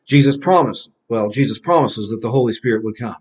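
A man of medium pitch and darkish tone teaches a Bible lesson to children through quizzing, answering his own questions slowly. He drills key phrases in repeated call-and-response, on a dull lo-fi recording.

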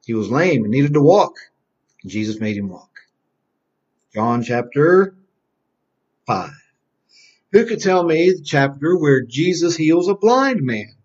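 This man's voice is on the high side, very animated and a little mellow as he teaches children a Bible lesson. He quizzes them, answers himself slowly, and drills key phrases with repetitive call-and-response, captured in dull lo-fi sound.

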